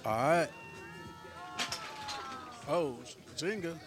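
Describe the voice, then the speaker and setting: A man's voice: fairly high pitch, expressive, very slow, background noise. A man vlogging food reviews at an outdoor market, hyped and slangy, calling everyone man. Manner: hyped slangy chatter, says man a lot. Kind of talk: casual food review vlog.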